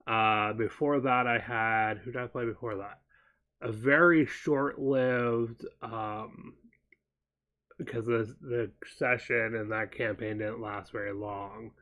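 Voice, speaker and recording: A man co-hosting a casual chat show, wandering through his thoughts and pausing to recall details. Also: on the low side, fairly even intonation, muffled recording. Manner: meandering, stops to recall details mid-sentence.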